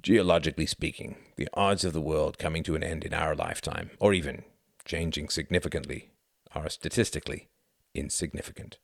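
A man voicing a calm, gentle older husband with an unhurried, mildly weary manner in a storybook reading. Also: rumbling low, gravelly, dry recording, studio quality, exaggerated voice. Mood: musing.

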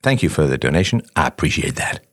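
This fast-talking host has an animated bass voice and is responding to a caller on a live call-in program. His parenting tips come across as casual chat full of rhetorical questions and frequent "right?" tags, and he plays out parent-child dialogue himself.

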